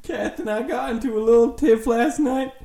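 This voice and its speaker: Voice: medium pitch, normal speed, vocal fry, lightly acted. A performer playing an angry, drunk middle-aged husband who curses and threatens in an improvised comedy scene. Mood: indignant. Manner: yelling, cursing, accusing. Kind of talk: improvised comedy role-play. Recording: echoey room, voice from far off.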